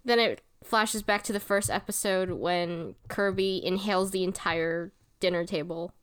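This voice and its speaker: A woman's voice: lowish voice, normal speed, clear, resonant tone. A woman podcast co-host in casual, laid-back chat, recounting a cartoon and laughing along.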